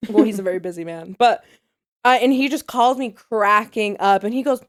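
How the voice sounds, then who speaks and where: A young adult woman co-hosting a podcast, telling stories in a profane, animated casual chat. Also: medium pitch, normal speed. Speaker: podcast co-host.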